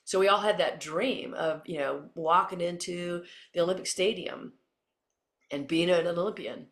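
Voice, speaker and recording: A middle-aged Texan woman, once an Olympian and now a coach, answers interview questions as an animated storyteller who acts out the quotes. Her pitch is fairly low and her pace moderate.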